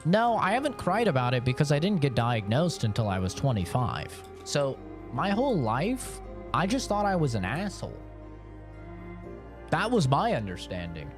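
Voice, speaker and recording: A man's voice: medium pitch, wildly swooping pitch, normal speed, music in the background. A young man streaming games and chatting casually, rambling frankly, swearing freely, and laughing often. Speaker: gaming streamer. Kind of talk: casual live-stream chat.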